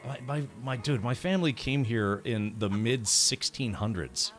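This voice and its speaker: A man's voice: mid-range voice, normal speed, a bit bright. An American man commentating his gameplay live, chatty and rambling with many asides. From United States. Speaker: game streamer.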